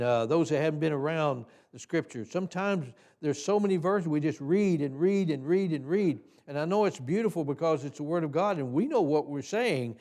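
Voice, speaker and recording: A man's voice: on the high side, a little mellow. Folksy man teaching in church. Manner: folksy, halting, with many restarts and fillers. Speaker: Sunday school teacher trainer. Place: church hall.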